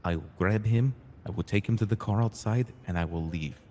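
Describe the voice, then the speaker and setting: A man playing a streetwise, hot-tempered crew boss in a roleplay game, retelling events in an animated way, acting out quoted lines and swearing freely. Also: on the low side, fairly quick, in a large hall, a little hiss or hum, natural voice. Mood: earnest. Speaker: roleplay character telling his side. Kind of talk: in-character storytelling in a roleplay game.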